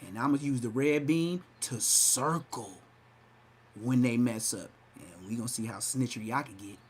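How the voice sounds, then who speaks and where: A man's voice: mid-range voice, normal speed, slight background noise. A man hosting a livestream podcast, talking trash in a brash, mocking way and slipping into exaggerated voices. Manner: hyped, shifts into exaggerated voices. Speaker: podcast host. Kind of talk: livestream commentary.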